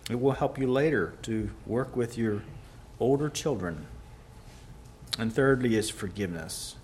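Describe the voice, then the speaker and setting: A man preaching a sermon, rising to loud emphatic peaks and dropping to quiet, soft passages. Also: medium pitch, unhurried, slight background noise.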